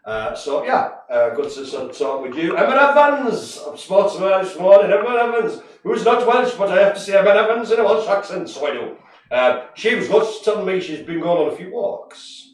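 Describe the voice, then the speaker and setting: Brief: man, co-host, jokey and rambling, slightly high voice, distant mic in an echoey room, faint noise. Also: lively intonation, brisk. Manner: chatty and jokey, many fillers. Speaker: co-host giving shout-outs. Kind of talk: casual live-stream chat.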